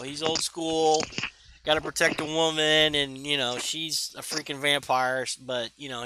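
Co-host with a very bright, tense voice and a high-ish pitch, easygoing chatter. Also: male voice, smooth. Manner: relaxed, chatty, with fillers. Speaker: podcast co-host. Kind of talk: casual comic book discussion. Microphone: remote call.

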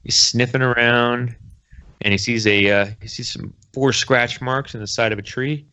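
A man's voice: medium pitch, fairly even intonation, moderate pace, sharp tone. A man hosting a podcast, recapping a comic book in a casual, rambling way with sarcastic jokes. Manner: rambling, jokey, sarcastic asides. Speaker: podcast host.

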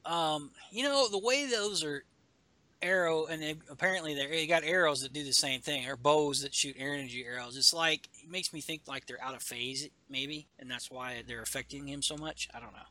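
A man's voice: a little high, moderate pace, sharp tone, no echo. A man co-hosting a casual chat, rambling through a comic book story with stumbles and self-corrections. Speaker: podcast co-host.

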